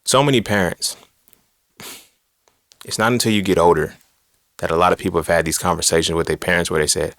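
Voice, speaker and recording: A man's voice: low voice, steady tone, brisk, pauses often, fairly bright tone, dry recording, clean studio sound. A man hosting a podcast, giving a blunt, profane, preachy monologue full of rhetorical questions. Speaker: podcast host. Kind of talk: casual monologue on philosophy and religion.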